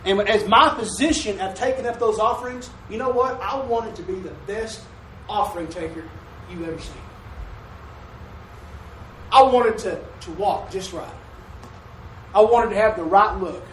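A high, fairly bright voice carries this man's folksy sermon at normal speed, broken by long pauses and call-and-response. The echoey church sanctuary is heard through a distant mic with a slight hiss or hum.

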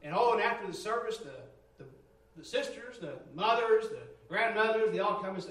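A man preaching a sermon, fervent and swinging from near shouts to low storytelling tones. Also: a little fast, recorded from a distance. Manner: fervent, rising to near shouts, dropping low for quoted stories. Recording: roomy echo, from off-mic.

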